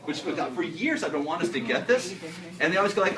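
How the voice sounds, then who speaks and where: A middle-aged man teaching a classroom science demonstration, animated and joking, often restarting his sentences. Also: high-pitched, racing, crowd noise. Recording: roomy classroom audio from a distant camera, with noise.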